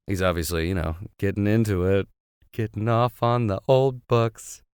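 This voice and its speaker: A man's voice: fairly low pitch, normal speed, a little mellow, clear, resonant tone, no room sound. A man reading a classic novel aloud, breaking in with joking casual asides. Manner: joking modern asides between passages. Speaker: audiobook reader.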